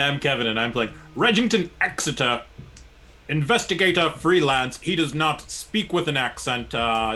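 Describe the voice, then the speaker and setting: A man playing in a comedy tabletop podcast, with a dry, deadpan delivery. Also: medium pitch. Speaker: player.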